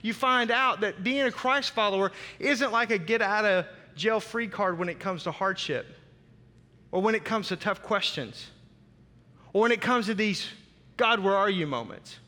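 A man's voice: high-pitched, animated, moderate pace, bright, forceful tone, in a large hall. A man preaching a sermon as pastor, emphatic and dramatic, with repeated phrases.

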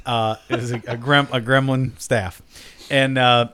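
A man's voice: mid-range voice, little pitch movement, a little slow, pushed and bright, slight background noise. A man telling a rowdy, profane tabletop-game story in a casual chat, laughing often.

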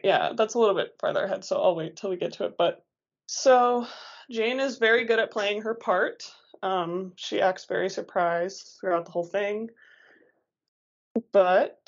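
A chatty woman talks through a book with a friend and reads passages aloud, animated and quick to laugh. Her pitch sits in the middle. The sound is dull and lo-fi. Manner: chatty and animated, laughs often, says "like" a lot. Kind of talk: casual book discussion chat, reading passages aloud.

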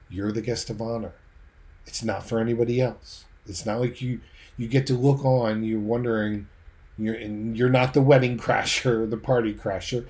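A male preacher delivering a sermon, guiding listeners through scenes he paints in detail. His voice sits at an ordinary middle pitch for a man. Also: fairly even intonation, normal speed, a little mellow. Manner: vivid storytelling, draws listeners into imagined scenes.

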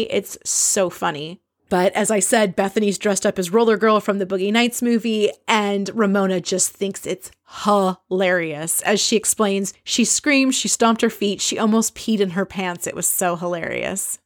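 A chatty woman recaps a reality show in an easy, conversational way. She is opinionated and often slips into little impressions of the people she is describing. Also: medium pitch. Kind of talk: casual recap chat.

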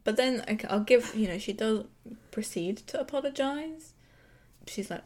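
A woman co-hosts a casual recap podcast, her voice sitting in an ordinary middle pitch. She talks with a sarcastic, giggly edge and swears freely as she picks apart each scene. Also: expressive, moderate pace, a little mellow. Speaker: podcast co-host.

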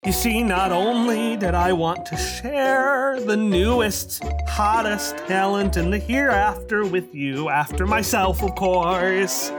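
A game master voicing a vain female siren pop star who talks in a grandiose, drawn-out showbiz way. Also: medium pitch, music in the background, lightly acted. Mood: theatrical.

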